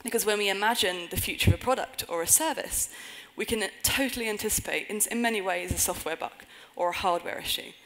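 A woman's voice: mid-range voice, fast talker, few pauses, fairly bright tone, poor audio. A woman giving a conference talk on a stage before an audience, earnest with wry humorous asides. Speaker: conference speaker.

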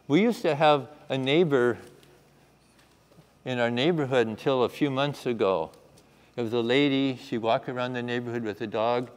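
A man's voice: medium pitch, moderate pace. A man teaching a children's Bible lesson in a chapel, asking the room questions and acting out the story. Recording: echoey hall.

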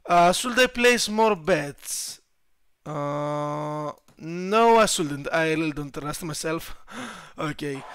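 A young man giving casual gameplay commentary, excitable, swearing and shouting at his troops and laughing at himself. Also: a little high, slow pace, clean tone. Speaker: gaming YouTuber.

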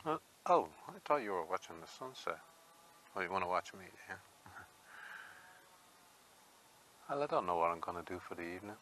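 A man's voice: sits low, lively intonation, moderate pace, pauses often, sharp tone, slight background noise. An Irish man vlogging in a rambling, chatty way and laughing often as he talks to viewers. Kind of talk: casual walking vlog.

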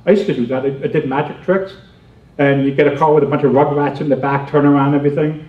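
A man giving a humorous seminar talk, animated and chatty, laughing often and acting out little scenes. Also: fairly high pitch, fast talker. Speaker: comedy seminar speaker. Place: seminar room. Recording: roomy, muffled, distant hall recording.

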